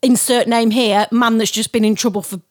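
A woman's voice: a little high, fairly even intonation, fairly quick, darkish tone. A woman co-hosting a podcast, defending herself in casual chat, laughing and cutting in. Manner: defensive, laughing, keeps interrupting. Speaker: podcast co-host.

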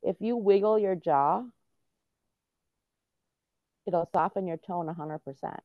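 Middle-aged woman, earnest explainer, low voice, muffled lo-fi sound. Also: takes it slowly, dry recording. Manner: earnest, explanatory, many restarts. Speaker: guest, autism and veterans advocate. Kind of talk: casual interview talk. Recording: dull lo-fi dry sound.

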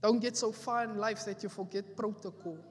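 High-voiced preacher in a hall. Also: male voice, steady tone, fairly quick. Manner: emphatic preaching, repeating phrases for effect. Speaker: pastor. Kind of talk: sermon. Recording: echoey hall with faint music.

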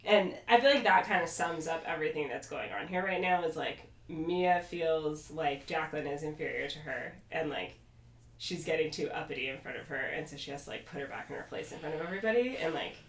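A young adult woman co-hosting a podcast, recapping a reality show in casual, animated chat and acting out quoted lines. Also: sits low, brisk. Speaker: podcast co-host. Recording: echoey room, off-mic.

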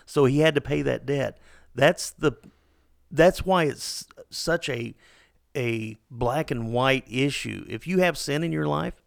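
A middle-aged father co-hosting a casual devotional chat, talking in a halting way with lots of fillers and self-deprecating asides. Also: mid-range voice, creaky, no room sound, studio quality. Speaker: podcast co-host.

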